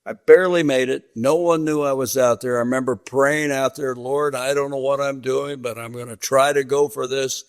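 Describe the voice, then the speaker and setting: A man's voice: mid-range voice, steady tone, normal speed, few pauses, clean tone. An older man from western Kansas, a veteran sportscaster telling stories in a sit-down interview and acting out the dialogue he quotes. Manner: vivid storyteller, acts out quoted dialogue.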